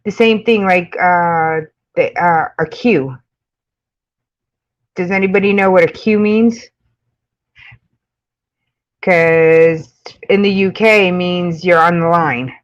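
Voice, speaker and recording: A woman's voice: fairly low pitch, slow pace, long pauses, highs cut off. A woman with a New York accent chatting casually with live-stream viewers, rambling with lots of fillers and frequent laughs. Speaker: makeup channel host.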